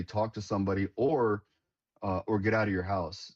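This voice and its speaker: A man's voice: lowish voice, fairly even intonation, normal speed, a little mellow, dull audio. A man who leads a veterans nonprofit, talking casually and earnestly, often restarting words and calling people "man". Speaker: veterans nonprofit leader, guest. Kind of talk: casual conversational storytelling.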